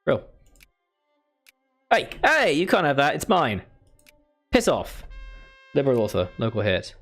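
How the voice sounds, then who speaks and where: A man's voice: medium pitch, huge pitch swings, measured pace, fairly bright tone. Man, let's player, mumbles his moves aloud, self-deprecating, faint music under the voice. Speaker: strategy game let's player. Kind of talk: casual gameplay commentary.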